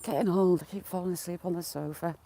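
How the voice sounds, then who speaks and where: A woman's voice: lowish voice, fairly even intonation, quick pace, dark tone. A middle-aged woman chatting casually to her live viewers while walking her dog outdoors, often breaking into giggles. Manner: giggly, keeps breaking into laughter.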